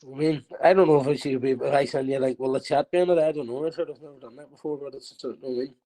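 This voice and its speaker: A man's voice: medium pitch, steady tone, racing, mellow, rough recording. A man hosting a livestream panel in casual banter, rambling and repeating his words, swearing freely.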